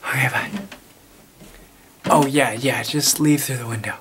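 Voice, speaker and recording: A man playing a mock school newspaper reporter in a comic character sketch, talking in an awkward, halting way, full of fillers and apologies. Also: medium pitch, a bit bright, a little hiss or hum.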